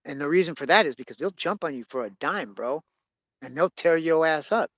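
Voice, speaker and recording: Casual male host, rambling and profane, with a slightly high voice on a lo-fi mic. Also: expressive, fairly quick, a bit bright, dry recording. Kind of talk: casual monologue.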